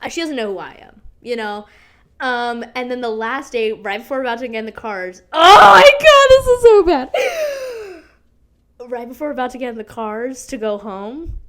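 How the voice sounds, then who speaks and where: A young woman hosts a podcast, speaking at normal speed in a fairly high voice. She tells a story in a casual, dramatic, gossipy chat, peppered with "like" and swearing. She's animated and keeps breaking into laughter and squeals.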